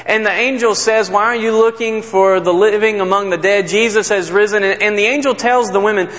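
Male preacher, higher voice, emphatic sermon storytelling, long room reverb. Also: steady tone, a little fast. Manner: earnest, emphatic storytelling, drops low and soft at sad moments.

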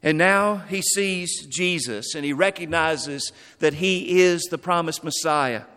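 A man preaching a sermon, telling a folksy joke and then slowly repeating key words for emphasis. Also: a little high, sharp tone, in a large hall. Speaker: pastor.

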